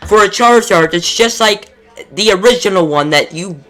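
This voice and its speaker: Bright-voiced man ranting. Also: high-pitched, expressive, normal speed, faint music behind. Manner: frustrated, exasperated, profane. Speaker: collectibles YouTuber. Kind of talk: casual ranting commentary.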